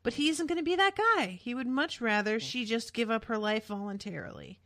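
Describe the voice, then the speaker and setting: A woman co-hosting a podcast, recapping a show in casual chat, blunt and quick to curse. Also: on the high side, expressive, fairly bright tone, no room sound, studio quality. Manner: blunt, swears freely. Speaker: podcast co-host.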